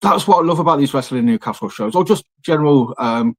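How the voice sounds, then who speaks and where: A man hosting a casual podcast, talking in an eager, chatty flow full of ums and restarts. His voice sits at an ordinary middle pitch. It is recorded close and dry on a podcast mic, with no room sound. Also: lively intonation, quick pace, darkish tone, no room sound. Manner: chatty and enthusiastic, full of fillers. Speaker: podcast host. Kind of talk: casual wrestling podcast chat.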